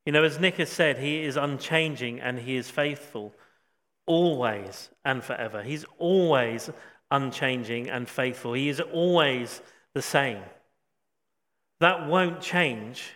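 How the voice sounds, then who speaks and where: Bright-voiced man preaching in a hall. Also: medium pitch, takes it slowly. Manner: reflective, with frequent ums and restatements. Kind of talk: sermon. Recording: long hall reverb.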